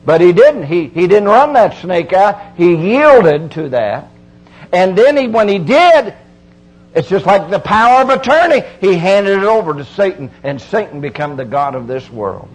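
Middle-aged male preacher, high voice, homespun and insistent sermon delivery. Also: sing-song, moderate pace, husky, rough recording. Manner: folksy, emphatic preaching with repeated phrases.

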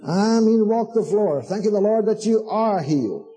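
A man's voice: high voice, animated, moderate pace, dark tone, faint music behind, rough recording. A man preaching a sermon to a congregation, fervent and emphatic, repeating himself and calling listeners "honey".

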